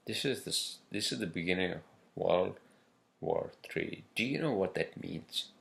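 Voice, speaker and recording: A man's voice: low voice, expressive, moderate pace, creaky, a bit bright. A man delivering a casual, rambling monologue, swearing constantly and pressing his points with heavy emphasis. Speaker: podcast host.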